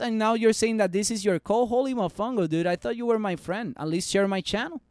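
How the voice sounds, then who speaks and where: Excitable male stream host with a high, smooth voice and a dry, close sound, joking through viewer comments, sprinkling in Spanish. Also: normal speed, no echo. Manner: excitable, joking, swings between loud and muttered; drops Spanish words into English. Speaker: stock market livestream host. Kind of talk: casual livestream chat reading comments.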